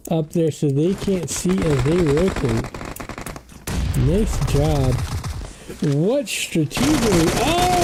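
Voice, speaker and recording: An esports caster doing play-by-play commentary, chatty and excitable, with the voice jumping up on every knockdown. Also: noisy background. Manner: excitable, pitch jumps on knockdowns; chatty asides about the broadcast controls.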